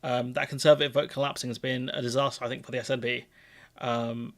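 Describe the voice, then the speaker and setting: A man co-hosting a live stream, chatting casually and giving relaxed, opinionated political commentary. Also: medium pitch, quick pace.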